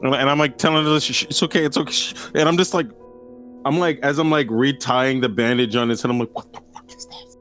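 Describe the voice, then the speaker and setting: Animated swearing man playing a tabletop game. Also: mid-range voice, fast talker, soft background music. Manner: animated, swearing, acts out his character's lines. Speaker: player. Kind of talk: casual tabletop game chat.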